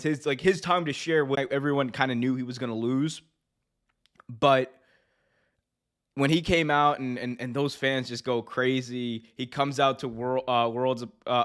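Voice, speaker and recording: A man's voice: mid-range voice, smooth. A man hosting a wrestling podcast, chatting casually and with animation, often restarting his sentences. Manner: animated, many restarts and fillers. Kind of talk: casual opinionated chat.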